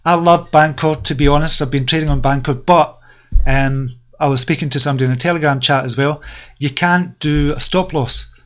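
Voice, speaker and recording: A man's voice: a little high, steady tone, brisk, fairly bright tone. A man hosting a live crypto market stream, chatting casually and reading out viewer comments, upbeat and enthusiastic, rambling with plenty of fillers. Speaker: crypto channel host.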